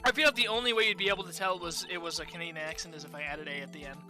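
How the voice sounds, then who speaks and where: Offhand woman streamer, bright voice. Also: on the low side, fairly even intonation, racing, soft background music. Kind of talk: casual game reading stream.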